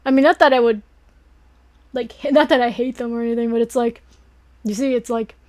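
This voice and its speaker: Talking fairly quickly, a young woman with a very high voice chats with her viewers on a late-night stream. Her talk rambles from idea to idea, full of giggles and gushing, excitable energy.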